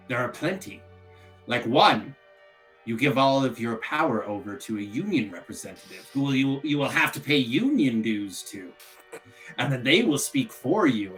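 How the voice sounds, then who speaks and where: A man voicing a smooth-talking anti-union recruiter with a glib, sarcastic manner. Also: mid-range voice, natural voice.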